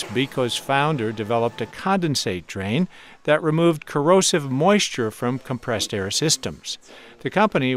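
A male radio correspondent reading a scripted news report in a measured, clear delivery. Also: mid-range voice.

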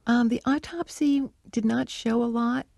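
Woman researcher, interview guest, mellow gravelly voice, chatty and reflective. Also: a little high, steady tone, unhurried, no room sound, clean studio sound. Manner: reflective, conversational, with fillers. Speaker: animal cognition researcher, guest. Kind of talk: interview answers, storytelling.

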